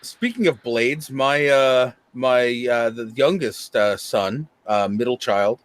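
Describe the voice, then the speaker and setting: A man's voice: mid-range voice, takes it slowly. A middle-aged man chatting as a guest, often repeating and stumbling over his words. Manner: lively, repeats words, stammers. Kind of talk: casual chat.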